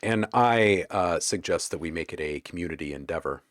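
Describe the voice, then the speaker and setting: A man hosting a casual livestream, chatting with viewers in a relaxed, joking way while browsing sound packs. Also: low voice, fairly quick, no room sound, studio quality. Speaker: livestream host.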